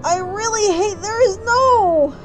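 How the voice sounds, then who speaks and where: A very high-pitched woman streams a game and vents her frustration in loud, profane bursts. Game music plays clearly beneath her voice. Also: takes it slowly, poor audio. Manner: angry profane ranting, loud outbursts. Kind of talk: live gameplay commentary.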